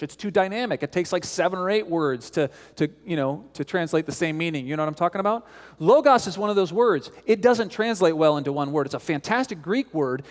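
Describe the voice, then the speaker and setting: A man delivers a sermon from the pulpit, animated and conversational, stumbling over repeated words as he goes. His voice sits on the higher side for a man. A long reverb from the large sanctuary trails every phrase. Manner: animated storyteller, repeats words when restarting. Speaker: pastor.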